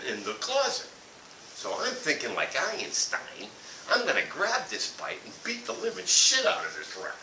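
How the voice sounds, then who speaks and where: A man's voice: high voice, pushed and bright. A man telling a blunt, profane comic rant about a family vacation. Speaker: comedic ranter. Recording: echoey room from far off with hiss.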